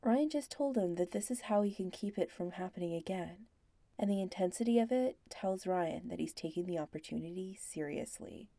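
Female narrator, low gravelly voice, very slow hushed storytelling, dry close sound. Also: no room sound. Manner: slow, hushed and intimate, slipping into whispers.

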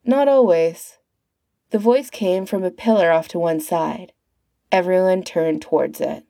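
A woman's voice: on the low side, creaky, dark tone, dry recording, studio quality. A woman reading a fan-written story aloud as a narrator, putting on voices for the characters. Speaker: fan fiction reader.

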